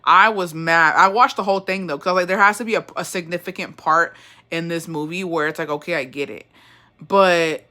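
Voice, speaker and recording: A podcast host in a casual, animated rant, swearing constantly. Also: medium pitch, normal speed.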